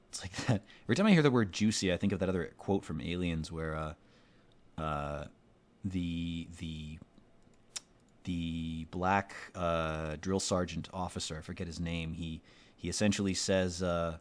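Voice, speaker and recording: Speaking at a moderate pace with a low voice, this man plays a video game and keeps up a rambling stream of sardonic, profane remarks. It's the casual commentary of a let's play creator.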